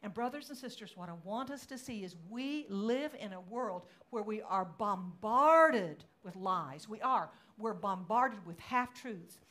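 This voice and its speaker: A woman pastor preaching a sermon, moving between relaxed storytelling and dramatic, loud acted-out quotes. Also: measured pace, few pauses. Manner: dramatic, acts out quotes with rising pitch and volume; conversational storytelling with fillers.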